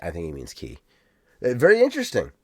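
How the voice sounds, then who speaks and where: A man co-hosting a podcast in casual chat, animated and rambling, swearing now and then. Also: mid-range voice, fast, slightly rough, no echo, studio quality. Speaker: podcast co-host.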